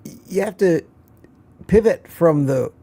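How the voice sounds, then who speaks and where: A man's voice: on the high side, lively intonation, unhurried, dark tone. An older man hosting a casual morning livestream, musing and rambling, a bit out of breath, with sighs and restarts. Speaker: livestream host.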